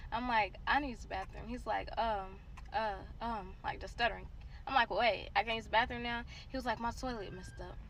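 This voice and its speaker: A young woman telling a dramatic story to her listeners in a casual, animated way. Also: mid-range voice, vocal fry, a little hiss or hum.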